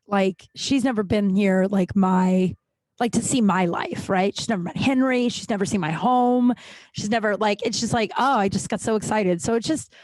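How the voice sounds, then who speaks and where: A woman hosting a podcast in casual personal chat, talking in an animated, rambling way, swearing freely and getting emotional at times, at home. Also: medium pitch, dry recording. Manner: emotional, close to tears at times. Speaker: podcast host.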